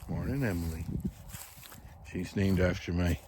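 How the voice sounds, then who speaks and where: Male rancher, very low voice, casual vlog patter, outdoor noise and livestock behind. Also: unhurried, a little mellow. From Alberta, Canada. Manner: chatty, talks fondly to his cows. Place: outdoors in a snowy calving yard.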